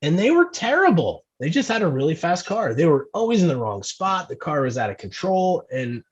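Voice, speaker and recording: The podcast guest from New Jersey, who races on an amateur team, now sounds fairly high, slightly rough and a bit fast, his pitch swinging widely. His storytelling stays rambling, full of restarts and self-directed laughter, over a dull lo-fi recording.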